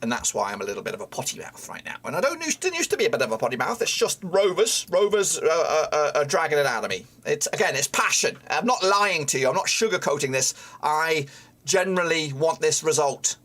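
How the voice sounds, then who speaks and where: A man reacting live to his team's match as a fan streamer, excitable, swearing often and yelling at the players. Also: fairly high pitch, fairly quick.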